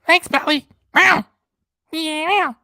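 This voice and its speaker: Super Chat Cat, a streamer squeaking as a meowing good-luck cat. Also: takes it slowly, creaky, bright, forceful tone, no room sound, clean studio sound, exaggerated voice. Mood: cheery. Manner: sing-song meowing and thanking, drawn out. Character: cheerful cat mascot handing out good-luck blessings.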